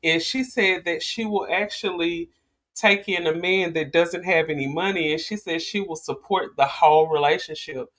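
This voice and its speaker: A woman's voice: fairly low pitch, normal speed, a bit bright. A woman hosts a casual commentary vlog. She talks in a chatty, rambling way and often restarts her sentences as she talks to her viewers. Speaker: vlogger host.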